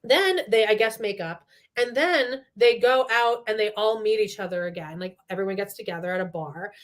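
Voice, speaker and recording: A woman's voice: mid-range voice, moderate pace. Chatty woman dishing reality-TV gossip. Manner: animated retelling, acting out quotes. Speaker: podcast co-host. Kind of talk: casual gossip chat.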